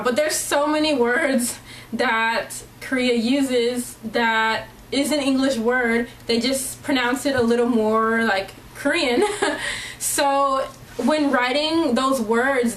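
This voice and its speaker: Young woman, casual vlogger, chatty with frequent fillers, slightly high voice, recorded in an echoey room with faint hum. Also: fairly bright tone. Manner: chatty, many ums and likes, laughs often. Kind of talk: casual vlog talk.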